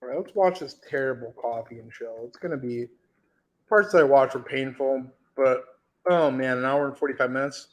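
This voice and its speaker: A man casually commenting on stream clips, relaxed and profane, often trailing off with fillers. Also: mid-range voice, moderate pace. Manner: laid-back, profane, hesitant fillers.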